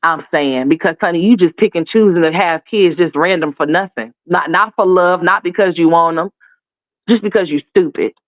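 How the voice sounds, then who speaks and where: A man's voice: fairly high pitch, normal speed, dry recording. A man hosting commentary, ranting heatedly and profanely with a sassy edge. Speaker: commentary host. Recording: tinny phone-like dry sound.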